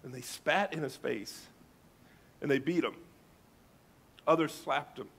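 A male pastor delivers a sermon with emphatic, dramatic readings of scripture. His voice sits fairly high and has a husky edge. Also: takes it slowly, a bit bright.

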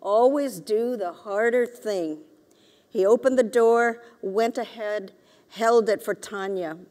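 Brief: woman author, lecture and reading, unhurried and halting, long hall reverb. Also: medium pitch, a little mellow. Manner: hesitant, many fillers. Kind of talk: lecture with a reading from her novel.

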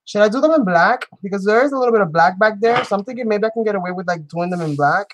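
A woman's voice: mid-range voice, lively intonation, fast, slight background noise, rough recording. A woman hosting a live crafting show, chatting playfully with viewers as she works and often breaking into giggles. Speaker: crafting channel host. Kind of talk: live crafting demonstration chat.

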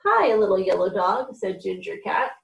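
A woman hosting a children's reading program, reading picture books aloud in a gentle, animated way and giving the characters voices. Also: medium pitch, normal speed, gravelly, dull audio. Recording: echoey room, a little far from mic.

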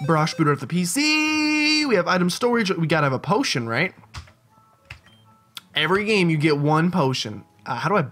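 A jokey, chatty man giving casual commentary on a game he is playing, his voice animated and moving freely up and down. Faint game music plays underneath him. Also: on the high side, slightly rough. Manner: chatty, jokey, thinks aloud and reacts to the game. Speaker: let's play host.

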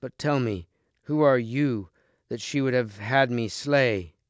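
A man's voice: mid-range voice, slow, no echo, studio quality, close to an everyday voice. A man reading aloud as a wounded knight in a storybook, humble and pleading. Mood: remorseful.

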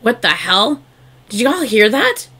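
A woman hosting a reaction video, chatting casually and gushing excitedly with lots of fillers. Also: on the high side, a little slow, husky.

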